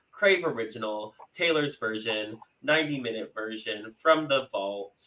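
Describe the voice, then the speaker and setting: A man hosting a casual podcast with a bright, forward voice. He rambles playfully through his sign-off, loose and joking, with plenty of ums. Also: mid-range voice, animated, a little slow, hardly any pauses, poor audio. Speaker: podcast host.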